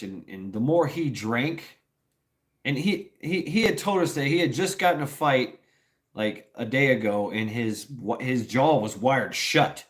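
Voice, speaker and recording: A man, a former Marine, telling a story to a live audience in a rambling, profane way with lots of fillers. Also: mid-range voice.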